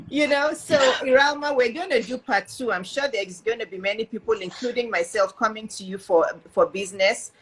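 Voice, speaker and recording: A woman business coach hosting a casual interview, her voice sitting a little high. She talks in an animated, emphatic way, reading viewer questions aloud and answering them with energy. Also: normal speed, husky.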